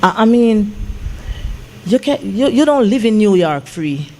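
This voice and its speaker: A woman's voice: mid-range voice, unhurried. A woman, a gospel singer and songwriter telling an emotional story as an interview guest, with lots of "I said" retellings. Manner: animated, repeats "I said" when retelling.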